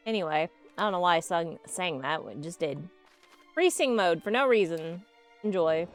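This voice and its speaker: A woman's voice: lowish voice, expressive, moderate pace, soft background music. A young adult woman streaming a game live, chatting casually, laughing often and telling rambling stories. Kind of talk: casual live gameplay commentary.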